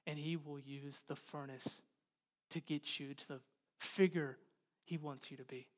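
A man in his thirties, a pastor preaching a sermon in a church, moving from loud pleading to hushed intensity. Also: on the high side, fairly even intonation, a little slow. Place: church hall.

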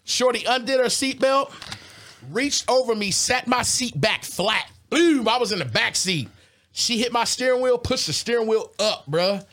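An animated young man spins a long, slangy story in casual talk. His voice sits high. He tells it with loud bursts of excitement. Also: normal speed. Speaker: co-host.

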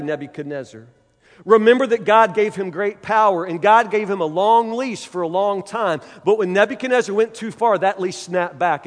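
A man's voice: high voice, natural voice. A man voicing a righteous young prophet who delivers a firm, preachy warning. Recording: long hall reverb.

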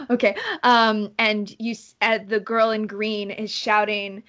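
A woman game master with a slightly high voice, describing scenes for her players. She pauses often with fillers as she builds the picture. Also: fairly even intonation, a bit bright. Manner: descriptive, hesitant with many fillers. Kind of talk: narrating a tabletop game.

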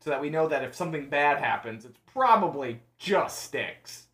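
A man co-hosting a podcast in casual chat, making wry, deadpan jokes and swearing now and then. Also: on the high side, normal speed. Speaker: podcast co-host.

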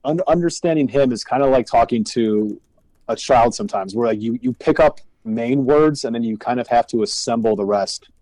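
A man co-hosting a podcast, dropping dry, deadpan jokes in casual chat. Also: medium pitch, moderate pace, no room sound, rough recording. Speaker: podcast co-host.

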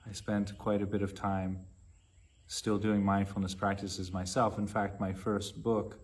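A man teaching meditation in a measured, unhurried dharma talk with long pauses between phrases. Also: fairly low pitch, level tone, breathy edge.

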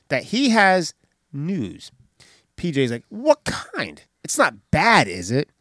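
In a studio-quality recording with no echo, a medium-pitched podcast host casually recaps a comedy film scene by scene. He's animated, retelling the scenes and doing the characters' voices.

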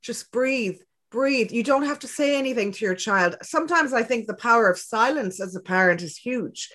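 A woman talking as a podcast guest, relaxed and conversational, with a gentle, reflective manner and plenty of soft fillers. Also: fairly high pitch, moderate pace. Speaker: guest, clinical psychologist. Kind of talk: casual conversation.

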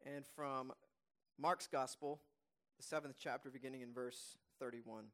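A male pastor preaching a sermon, emphatic and repeating key phrases, and reading scripture aloud slowly and softly. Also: mid-range voice, fairly even intonation.

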